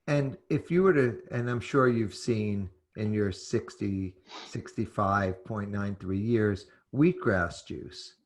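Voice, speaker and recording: Low-voiced man asking rambling questions. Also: slow, few pauses. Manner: curious, asks long winding questions. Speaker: interviewer host. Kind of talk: conversational interview.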